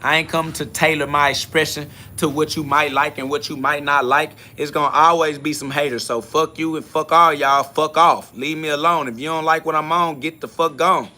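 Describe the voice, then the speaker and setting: Guy hosting his own spiritual podcast solo, blunt and cussing a lot, kinda high bright voice, keeps repeating himself. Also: fairly even intonation, normal speed, few pauses. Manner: blunt, profane, confrontational, repeats catchphrases. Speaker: podcast host. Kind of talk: solo spiritual podcast monologue answering comments.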